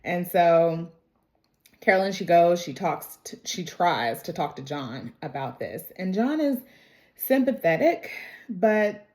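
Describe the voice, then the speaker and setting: A young woman who vlogs show recaps walks through a TV episode in a chatty, relaxed way, peppering her speech with "like" and "you know" and quoting characters to replay scenes. Her voice is fairly low, slightly mellow and slow, with wide swings in pitch.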